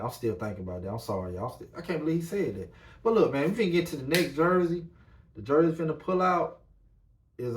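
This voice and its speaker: Guy doing a solo podcast, aave, loose and hyped, keeps saying man, medium voice. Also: medium pitch. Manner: loose, animated, repeats "man" and "you know what I'm saying". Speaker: podcast host. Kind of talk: casual solo podcast talk.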